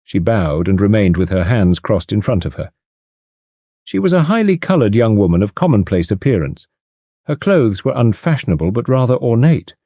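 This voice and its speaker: A man narrating an audiobook in an expressive reading style. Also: on the low side, normal speed, no echo. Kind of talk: scripted narration. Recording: dry close studio sound.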